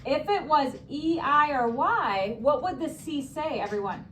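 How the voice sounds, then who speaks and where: A young woman teaching spelling to a class, her high voice calling out words and drawing them out for emphasis. She talks with upbeat quick asides between the words. Faint room noise sits beneath her in the classroom. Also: lively intonation, a bit bright.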